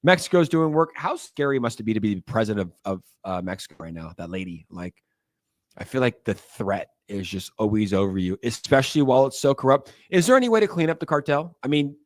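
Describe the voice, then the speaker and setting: A man hosting a casual livestream chat, joking and animated as he tells stories. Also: medium pitch, fairly quick, no echo. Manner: animated, joking, does voices in anecdotes. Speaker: livestream host.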